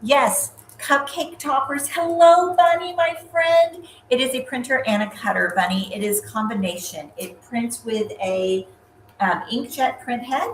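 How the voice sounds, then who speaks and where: A chatty woman hosts a casual live craft demo and greets viewers by name as she works. Her voice sits at a middle pitch and carries the echo of a roomy room with faint ambience behind it. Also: slight background noise. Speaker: craft livestream host.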